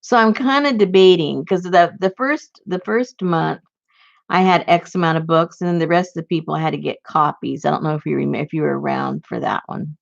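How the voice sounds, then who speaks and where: Chatty woman with a gravelly low voice. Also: steady tone, brisk. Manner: rambling, chatty, with many fillers and restarts. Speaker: crafting channel host. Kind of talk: casual crafting chat to viewers. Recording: dull lo-fi sound.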